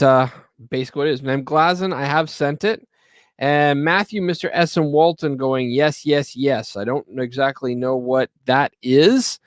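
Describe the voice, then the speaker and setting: A man's voice: a little high, clear, resonant tone, no echo, clean studio sound. A man hosting a live paintball stream, rambling casually, joking and chuckling. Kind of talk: casual chat.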